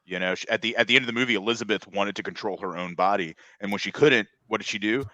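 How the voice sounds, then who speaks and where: A man's voice: lowish voice, fast talker, sharp tone, no room sound, lo-fi sound. A man co-hosting a horror movie podcast, rambling and repeating words, laughing often in casual chat. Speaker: podcast co-host.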